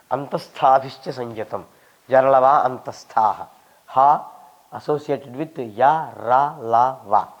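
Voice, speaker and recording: A man's voice: mid-range voice, muffled recording. An older man, a scholar, answering questions and drilling Sanskrit pronunciation, reciting verses as he explains. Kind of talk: teaching pronunciation in a Q&A.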